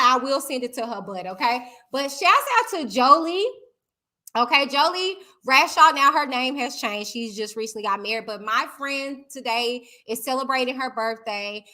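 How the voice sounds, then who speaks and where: A high, bright-voiced woman. She chats in a lively, loose way, full of fillers and "okay?" tags. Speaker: talk show host. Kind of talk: live-stream chat.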